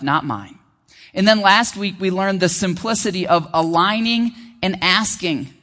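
A man preaching a sermon as pastor, earnest and conversational, slowing down to stress key phrases. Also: high voice, sharp tone, long reverb tail.

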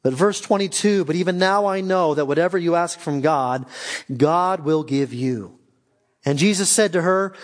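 A high-pitched male preacher delivers a sermon, reading scripture passages in a measured way. He then turns to his listeners with pointed, rising questions. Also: big-room sound. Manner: reads verses slowly then asks questions with rising emphasis. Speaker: guest pastor.

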